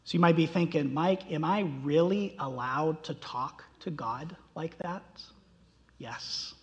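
A man's voice: a little high, a little slow, lo-fi sound. A man preaching a sermon, impassioned, his voice rising sharply when he voices quoted cries. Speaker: pastor. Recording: long reverb of a large hall.

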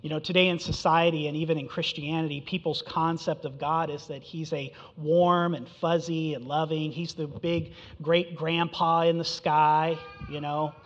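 Man preaching, fairly high voice, emphatic and conversational, long hall echo, dull recording. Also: flat delivery, normal speed, few pauses. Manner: conversational, emphatic, rhetorical questions. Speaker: pastor. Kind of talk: sermon.

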